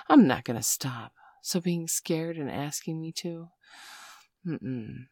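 A woman in whispered role-play, speaking slowly and coaxingly with pet names, close to the mic. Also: rumbling low, husky, dry recording. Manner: slow, coaxing, teasing, full of pet names. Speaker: audio role-play performer.

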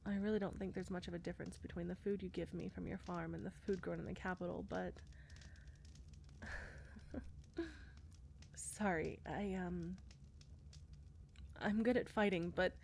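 A woman voicing a shy, war-weary female knight commander in an audio role-play, speaking hesitantly with soft fillers. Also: fairly low pitch, fairly even intonation, normal speed, creaky, a little hiss or hum. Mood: shy, tender.

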